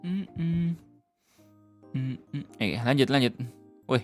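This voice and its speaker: A man chats loosely on a reaction livestream, full of slang and casual swearing. His voice sits fairly high, and faint music plays underneath. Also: lively intonation, fairly quick.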